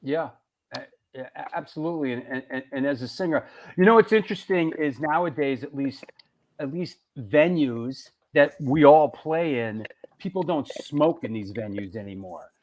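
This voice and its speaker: A man's voice: fairly high pitch, lively intonation, moderate pace, a little mellow. A middle-aged man hosting a casual chat, rambling and restarting his sentences. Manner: rambling, repeats words and restarts often. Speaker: host.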